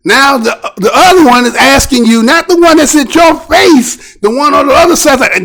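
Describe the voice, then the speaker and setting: A male show host delivers commentary on a news clip in a very high voice that swings widely up and down. His tone is gravelly and full of fry, and he keeps pressing his point with rhetorical questions in a preachy, animated manner. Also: moderate pace, few pauses.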